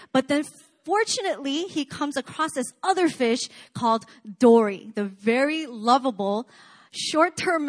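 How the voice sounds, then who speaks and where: A woman with a fairly high voice preaches a sermon. She talks in a casual, chatty way, full of fillers and quick asides to the congregation.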